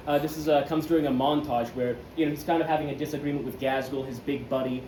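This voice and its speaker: A man's voice: on the high side, level tone, fast talker, hardly any pauses, darkish tone. A young man casually giving a jokey, rambling presentation to friends, full of fillers. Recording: echoey room with noise.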